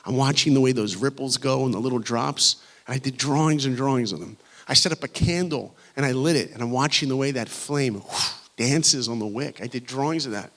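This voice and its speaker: A man giving a motivational talk to high school students, telling his story with animation and acting out the dialogue. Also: brisk, a bit bright. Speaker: guest speaker. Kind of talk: motivational speech. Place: large school hall.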